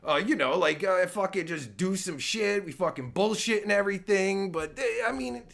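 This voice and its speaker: A man's voice: sits high, normal speed, vocal fry, a bit bright. A man giving sarcastic, taunting commentary as a podcast guest, swearing heavily and mocking his host.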